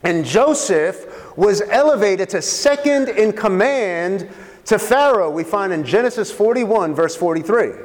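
High-voiced guy preaching, lots of repeating and asking the crowd, big echoey hall. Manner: preaching with questions to the congregation and repeated phrases. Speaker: pastor. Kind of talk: sermon.

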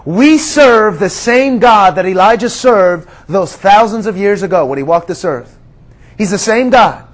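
A man preaching with a high voice, earnest and conversational, talking to his listeners as friends. He sinks to a near whisper on the quiet lines and then lifts his voice again to stress a point. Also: animated, a little slow. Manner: earnest, drops to a hush on quiet words. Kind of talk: sermon.

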